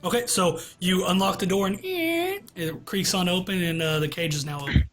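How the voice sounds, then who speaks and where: A man acting as game master, narrating a tabletop game in a relaxed, descriptive way over a voice call. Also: high-pitched, moderate pace, soft background music. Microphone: online voice call.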